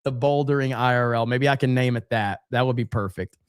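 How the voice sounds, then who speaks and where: A man hosts a casual livestream podcast, reading viewer comments aloud in a relaxed, chatty way with lots of filler words. His mid-range voice is smooth and a little fast, captured in a dry, studio-quality recording.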